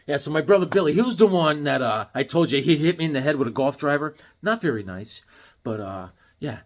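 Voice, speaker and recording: A man chatting casually on his vlog as he shows off new comics, rambling and excitable, throwing in corny jokes. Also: on the high side, a little fast. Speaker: comic book collector showing new comics.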